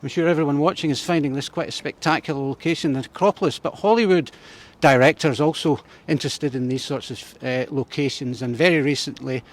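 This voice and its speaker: A man's voice: a little high, a little fast. A man from Scotland adding friendly remarks to his co-guide during a walking tour.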